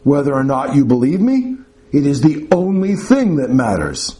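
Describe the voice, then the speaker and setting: A man's voice: medium pitch, huge pitch swings, moderate pace, dark tone. A man voicing an imperious, grumpy old male professor on his sickbed, who barks and bellows in a pompous manner.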